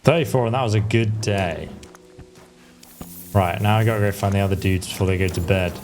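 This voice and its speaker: Man giving relaxed gameplay commentary. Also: on the low side, fairly quick, noisy background. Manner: relaxed, joking asides. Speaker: gameplay streamer. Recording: game music playing underneath.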